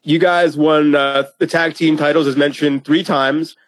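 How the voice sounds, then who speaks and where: A man hosting an interview and asking measured questions. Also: fairly high pitch, fairly even intonation, dry recording. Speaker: interviewer, host.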